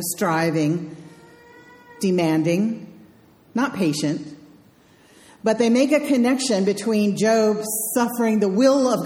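A woman's voice: mid-range voice, dark tone. A woman minister giving a conversational sermon with wry, dryly humorous asides, in a large sanctuary. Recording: echoey hall sound.

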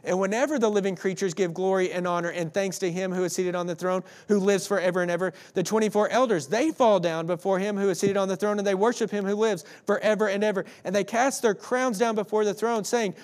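Male pastor, high voice, emphatic scripture reading and prayer. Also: fairly even intonation, fast, few pauses, darkish tone.

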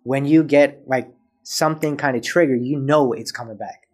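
A man's voice: medium pitch, normal speed. A man as a podcast guest, telling a personal story in casual chat and acting out both sides of past conversations.

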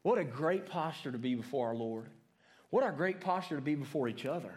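A man preaching to adults in a casual, talky way, his voice sitting high for a man. He keeps checking in with "right?" and stumbles through repeats and restarts as he thinks aloud. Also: lively intonation, a little fast, darkish tone. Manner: asks the room questions, ends points with "right?"; repeats words and restarts often. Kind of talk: conversational sermon to adults.

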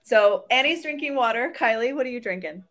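A woman's voice: on the high side, expressive, fairly quick, fairly bright tone. A woman co-hosting a podcast in casual chat, talkative and laughing often. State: congested nose. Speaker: podcast co-host.

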